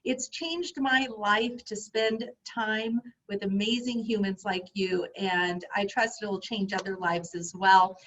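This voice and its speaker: A woman's voice: mid-range voice, fairly even intonation, takes it slowly, few pauses, fairly bright tone, lo-fi sound, a little hiss or hum. A woman hosting a podcast interview, effusive and encouraging, praising her guests often. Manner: effusive, encouraging, lots of "I love it". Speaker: podcast host.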